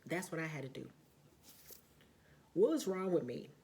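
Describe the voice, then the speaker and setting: Gravelly, blunt-talking woman vlogger. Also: low voice, big pitch swings, moderate pace. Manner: blunt and profane, lots of fillers; emphatic, rising to loud outbursts. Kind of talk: casual vlog monologue.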